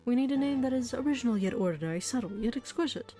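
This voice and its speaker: Brief: sly fox lawyer, smooth and wheedling, mellow tone, faint music behind, played by a woman. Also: fairly high pitch, lively intonation, fast talker, natural voice. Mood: scheming. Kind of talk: game voice acting.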